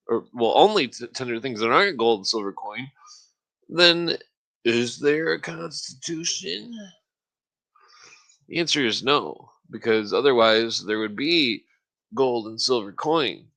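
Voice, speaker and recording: A man hosting a podcast, ranting in a casual, profanity-laced monologue and often clearing his throat. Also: mid-range voice, lively intonation, unhurried, a bit bright. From United States. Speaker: podcast host. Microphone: podcast microphone.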